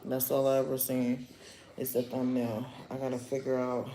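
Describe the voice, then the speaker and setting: A woman hosting a casual livestream, chatting in slang and often breaking into loud laughter. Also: very deep voice, monotone, normal speed, reverberant, a little hiss or hum. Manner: gossipy, bursts into loud laughter; chatty, slangy, talks while doing her nails. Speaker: livestream host.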